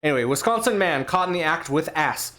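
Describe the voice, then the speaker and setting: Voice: medium pitch, expressive, brisk, a bit bright. A podcast co-host reading news headlines aloud in a casual, profane, joking chat. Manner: playful, profane, acts out scenes in funny voices.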